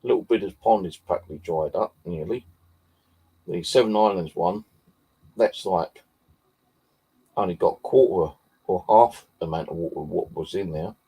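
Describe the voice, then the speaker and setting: Gravelly low-voiced guy. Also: normal speed, pauses often, dark tone, poor audio. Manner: rambling, swears often, many fillers. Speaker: vlogger. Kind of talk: casual rambling chat.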